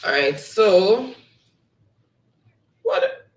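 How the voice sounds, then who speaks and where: A man's voice: sits high, huge pitch swings, very slow, roomy sound. A man hosting a quiz game on a live stream, reading out the players' chat answers and laughing often. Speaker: game show host.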